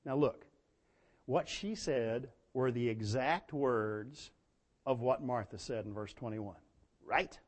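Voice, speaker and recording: A man preaching a sermon, telling folksy stories and swinging from quiet asides to loud, emphatic bursts. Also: medium pitch, takes it slowly.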